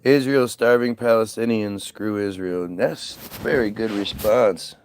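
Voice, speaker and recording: A man's voice: lowish voice, unhurried, smooth. A man talking casually to the camera outdoors in freezing weather, rambling, swearing and stammering as he repeats himself. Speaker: vlogger.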